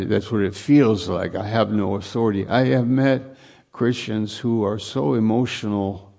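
A man's voice: lowish voice, gravelly, darkish tone. A man preaching a sermon, earnest and repetitive, building to emphatic lines.

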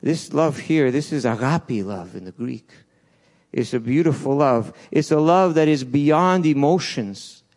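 A man preaching a sermon in a church, swinging between loud urgent peaks and soft low asides, with restarts along the way. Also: expressive, unhurried. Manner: passionate, rises and falls, restarts, acts out quotes.

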